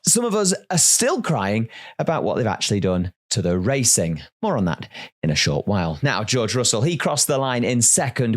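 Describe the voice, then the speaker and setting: A man delivers a scripted race recap with dry sarcasm. His pitch swings widely as he plays up the jokes, and his voice sits mid-range for a man. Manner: wry, sarcastic, lively delivery. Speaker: listener contributor presenting a race recap.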